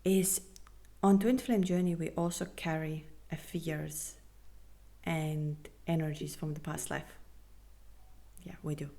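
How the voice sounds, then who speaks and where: A woman hosting a spiritual podcast, talking earnestly and reassuringly with non-native phrasing, sometimes dropping to a soft half-whisper. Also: low-pitched, fairly even intonation, takes it slowly, gravelly. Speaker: podcast host and spiritual coach. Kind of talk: casual podcast monologue.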